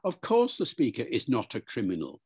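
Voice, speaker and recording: A linguistics professor giving measured, explanatory interview answers, lively and teacherly, sometimes slipping into quoted voices. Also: male voice, mid-range voice, breathy edge. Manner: lively storytelling, acts out quoted speakers; measured, lecturing delivery.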